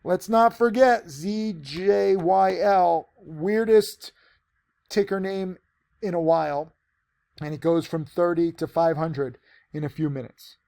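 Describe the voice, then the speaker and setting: A man's voice: high-pitched, unhurried, creaky, darkish tone. A man teaching penny stock trading, giving a casual, rambling trade recap with many fillers.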